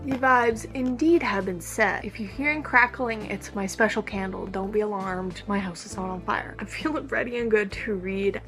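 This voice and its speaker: A woman's voice: medium pitch, moderate pace, few pauses, music in the background. A young woman in her twenties vlogging at home about her reading, chatty and gushing. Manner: chatty and gushing, lots of "like" and "obsessed". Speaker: book vlogger. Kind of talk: casual reading vlog. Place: home, indoors.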